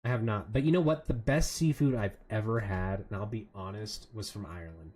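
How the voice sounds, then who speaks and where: A man's voice: on the low side, brisk, darkish tone. Chatty man rambling while gaming. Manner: rambling, chatty, laughs often. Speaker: streamer. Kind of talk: casual gaming chat.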